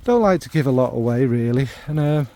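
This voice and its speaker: A fragrance vlogger from the North Midlands of England, this middle-aged man speaks in a warm, mellow voice of ordinary pitch with lively intonation. His casual monologue drifts into asides, is filled with ums, and he often jokes at his own expense.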